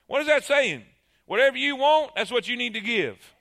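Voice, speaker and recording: A man's voice: very high-pitched, expressive, moderate pace, gravelly, a bit bright. A man preaching a sermon, emphatic and calling on the congregation to answer.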